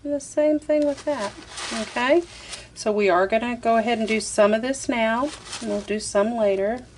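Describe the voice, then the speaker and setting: A woman's voice: on the high side, normal speed, a little mellow, slight background noise. A woman, chatting her way through a craft tutorial, talking to herself as she works. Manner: chatty, talks to herself while working, says "y'all". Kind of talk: casual step-by-step craft tutorial.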